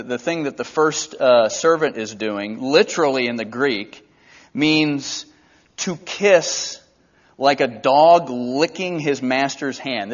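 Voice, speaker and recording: A man's voice: mid-range voice, lo-fi sound. A man preaching an expository Bible teaching in a conversational way, briefly acting out the characters' lines.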